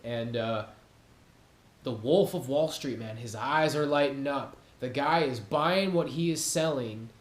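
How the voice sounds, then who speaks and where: A man's voice: mid-range voice, unhurried. A man talks off the cuff on his own channel, slangy and full of swearing, laughing now and then at his own jokes. His voice sits mid-range. The room gives it a noticeable echo. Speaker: YouTube channel host. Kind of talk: casual monologue to camera. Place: home room with cats.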